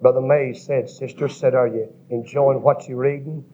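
A man preaching a revival sermon, rhythmically listing words and rising to shouts, recorded in a church. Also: mid-range voice, fairly even intonation, normal speed, slightly rough, highs cut off.

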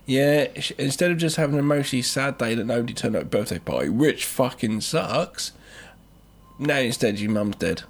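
Lively, swearing podcaster. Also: male voice, mid-range voice, moderate pace. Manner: swears a lot, jokey interjections. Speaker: podcast co-host. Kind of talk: casual chat.

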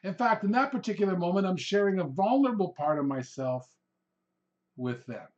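A man's voice: high voice, expressive, brisk, lo-fi sound. Man giving casual sales advice. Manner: conversational, acts out quoted customer exchanges. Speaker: real estate trainer, podcast host. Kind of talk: instructional talk.

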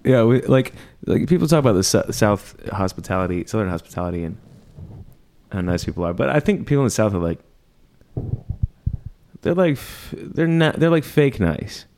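A man's voice: fairly low pitch, lively intonation, moderate pace, a little mellow. A man co-hosting a podcast, rambling casually with frequent chuckles and some swearing. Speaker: podcast co-host. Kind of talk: casual chat.

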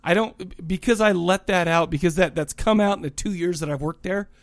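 A man's voice: high-pitched, fairly quick, dry recording, studio quality. A man co-hosting a podcast, chatting casually and rambling with frequent restarts. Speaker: podcast co-host.

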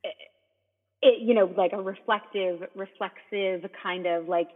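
A woman's voice: mid-range voice, fairly even intonation, moderate pace. A woman co-hosting a casual chat, enthusiastic and rambling, heard over a tinny line. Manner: enthusiastic, rambling, many fillers. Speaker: co-host. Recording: tinny phone-like line with long reverb.

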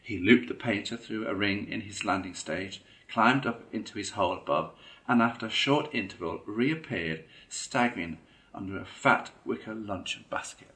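A man reading a classic children's story aloud in a measured, expressive way. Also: lowish voice. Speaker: narrator.

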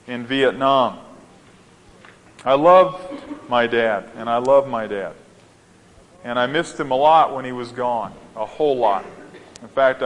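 Slow-speaking pastor in an echoing hall. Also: male voice, mid-range voice. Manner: slow, gentle storytelling with rising emphasis. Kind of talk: sermon. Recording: long reverb of a large hall.

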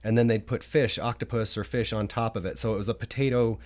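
A man's voice: on the low side, fairly even intonation, fast talker, darkish tone. A man on a podcast as a guest, recalling his travels in a rambling, casual way with many fillers and restarts. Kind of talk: casual chat.

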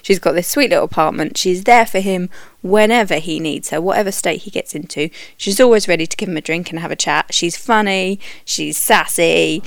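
A woman reviewing a film for a podcast, talking candidly and with animated opinions. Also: on the low side, brisk, gravelly, dry recording. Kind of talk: conversational narration.

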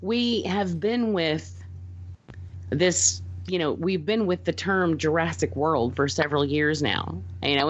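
A woman's voice: lowish voice, animated, unhurried, lo-fi sound, slight background noise. A woman co-hosting a casual podcast, gushing and emotional as she reviews a movie, laughing easily. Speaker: podcast co-host.

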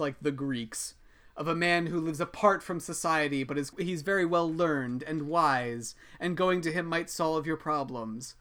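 A man's voice: on the high side, fairly bright tone. A man hosting a podcast, dryly explaining a history story in a casual, amused way. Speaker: podcast host.

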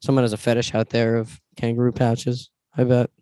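A man's voice: medium pitch, monotone, fairly quick, warm tone, smooth, dry recording. A man co-hosting a casual podcast chat, joking and crude, often laughing. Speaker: podcast co-host.

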